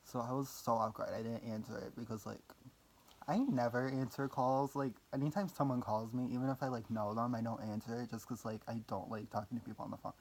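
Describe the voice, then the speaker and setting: Creaky-voiced young man rambling. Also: medium pitch, fairly even intonation, fairly quick, a little mellow. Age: young adult. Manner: rambling, filler-heavy, self-deprecating, swears casually. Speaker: vlogger. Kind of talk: casual rambling storytelling.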